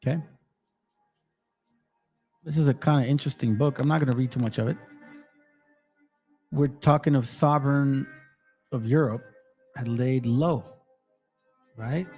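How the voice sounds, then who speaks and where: A man's voice: mid-range voice, a little slow, long pauses, mellow, soft background music. A man hosting his own channel, talking casually and directly to viewers, swearing freely and calling them family. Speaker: channel host.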